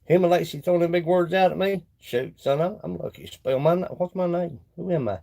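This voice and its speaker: A man chats on a live stream from his woodshop and rambles from one thing to the next. His voice sits a little high for a man and has a gravelly edge. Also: brisk, warm tone. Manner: rambling, chatting to viewers between tasks. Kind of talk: casual live-stream chat. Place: woodworking shop.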